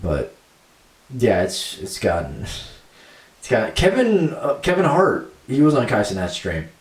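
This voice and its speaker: A man's voice: mid-range voice, huge pitch swings, measured pace, recorded from a distance. A young man co-hosting a podcast in casual chat, rambling with lots of fillers and laughing easily. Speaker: podcast co-host. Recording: roomy sound from off mic.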